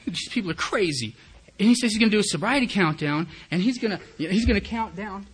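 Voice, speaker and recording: A man's voice: high voice, expressive, fast. A man giving personal recovery testimony at a meeting, a candid and self-mocking storyteller who acts out his own thoughts.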